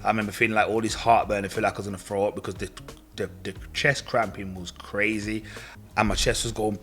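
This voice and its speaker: Young man, lowish voice, slangy storytelling, faint music behind. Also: fast. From Britain. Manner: animated, slangy, acts out the voices of others in his story. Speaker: powerlifter telling his story. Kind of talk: casual personal storytelling.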